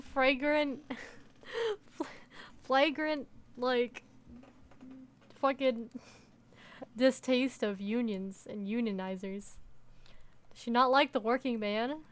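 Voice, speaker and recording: A woman's voice: fairly high pitch, no room sound. A woman streamer reading a story game aloud and commenting casually, swearing and laughing.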